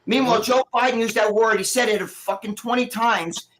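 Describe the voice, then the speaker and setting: A man's voice: very high voice, fairly even intonation, brisk, a bit bright, low-quality recording. A man rants on a video call, swearing freely and rambling from point to point. He acts out other people's words as he goes. A faint hiss sits under the call. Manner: profane, rambling, acts out quotes. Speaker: guest. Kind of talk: casual political rant.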